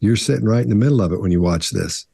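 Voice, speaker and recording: A man's voice: on the low side, quick pace, creaky, slightly rough, no room sound. A man on a behavior analysis panel, talking casually and rambling a little as he explains deception cues. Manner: relaxed, rambling with restarts.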